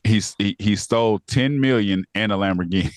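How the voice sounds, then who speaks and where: Podcast co-host, man, low voice, animated recap, dry close mic. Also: a little fast, no room sound. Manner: laughing, animated retelling of plot with quoted lines. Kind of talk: casual review chat.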